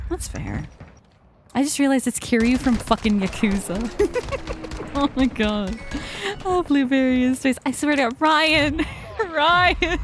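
Young woman game streamer, excitable, swears freely; noisy hiss in the recording. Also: a little high. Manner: excitable, swears a lot, laughs often. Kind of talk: casual gaming stream chat.

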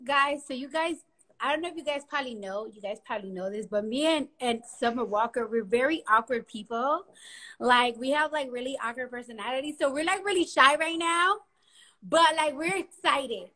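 Brief: young woman, bright high voice, nervous chatter on a phone live, loud and bubbly. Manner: giddy, nervous, rambling, loud laughs and squeals. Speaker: Instagram live co-host. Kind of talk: casual live-stream chat. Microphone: phone camera.

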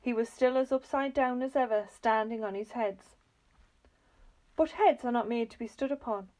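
A woman's voice: fairly high pitch, moderate pace, a little mellow, low-quality recording. Woman reading a children's story aloud.

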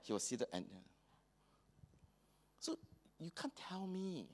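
A man's voice: sits high, huge pitch swings, takes it slowly. A man with a Singaporean English accent preaching a sermon in a church hall, slipping colloquial local phrases into his talk. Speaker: pastor.

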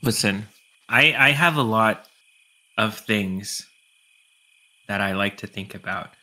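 A man joking around casually as a guest on a stream, rambling and halting with many restarts. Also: fairly low pitch, pushed and bright, low-quality recording.

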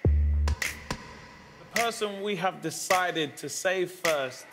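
A man's voice: high voice, extremely slow, over loud music. A man on a TV guessing panel, playful and teasing.

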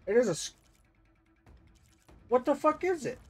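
A man's voice: very high voice, animated, unhurried, husky, faint music behind. A young man commenting on his gameplay as a streamer, with frustrated outbursts and constant swearing. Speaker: gaming streamer.

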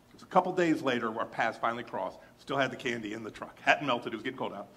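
A man's voice: medium pitch, quick pace. A male pastor telling a personal story in a sermon, chatty and speaking straight to the congregation, acting out what people said. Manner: animated, acts out quoted dialogue; chatty, addresses congregation directly.

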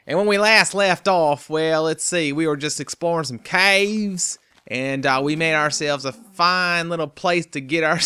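A man's voice: fairly high pitch, unhurried, pushed and bright, clear, resonant tone. A young man from North Carolina, rambling and joking through casual let's play commentary of a block-building game. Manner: rambling, jokey, talks to his game animals. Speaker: gaming host.

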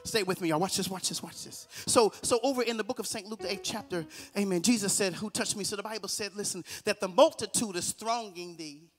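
A man preaching a guest sermon in a church, calling on the congregation to repeat after him and swinging between hushed lines and shouted, half-sung ones. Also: high voice, brisk, hardly any pauses, big-room sound, faint music behind. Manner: call-and-response preaching, shouting and half-singing. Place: church sanctuary.

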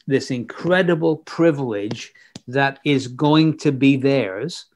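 A man teaching a Bible passage verse by verse, reading scripture aloud and explaining it in a conversational way with fillers and restarts. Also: mid-range voice.

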